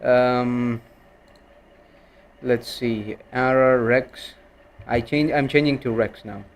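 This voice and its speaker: A man's voice: medium pitch, steady tone, slow pace. A male streamer in a casual live stream, giving orders to an AI assistant and heckling it.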